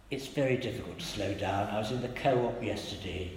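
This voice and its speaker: An older man preaching a sermon, telling stories gently and quoting the people in them. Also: on the low side, normal speed, noisy background. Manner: gentle storytelling with quoted voices. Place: church. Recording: echoey church hall with long reverb.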